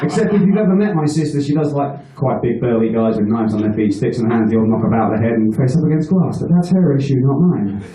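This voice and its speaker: A man's voice: mid-range voice, animated, fast talker, hardly any pauses, mellow, a little hiss or hum. Swearing storyteller man in an echoey room. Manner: crude, rambling, laughs at his own jokes. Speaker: stand-up comedian. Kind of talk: storytelling stand-up set. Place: live venue with an audience. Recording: echoey room, mic heard from a distance.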